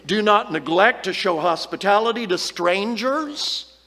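A high-pitched male preacher delivering a Bible lesson, earnest and emphatic, pressing hard on the key words of the verses. His voice hangs in a long, trailing reverb. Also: expressive, measured pace, sharp tone. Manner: earnest, emphatic, reads scripture aloud with rising stress.

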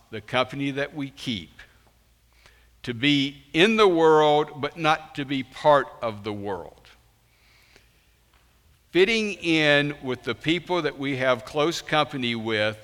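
A man preaching a sermon in a church, slow and emphatic, with sudden loud rises on key words. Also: mid-range voice. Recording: long reverb in a large hall.

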